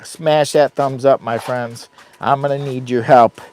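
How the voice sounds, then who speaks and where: A man's voice: mid-range voice, steady tone, measured pace, a little mellow. A man casually rambling through a camping vlog, goofy and self-mocking, chatting straight to his viewers. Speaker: vlogger. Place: hot tent while camping.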